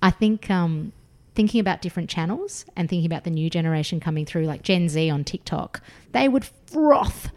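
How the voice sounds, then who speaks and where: A woman's voice: fairly low pitch, steady tone, brisk, hardly any pauses, a little mellow. An Australian woman in her thirties, a food author chatting enthusiastically as a podcast guest, with plenty of fillers. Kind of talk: casual podcast interview.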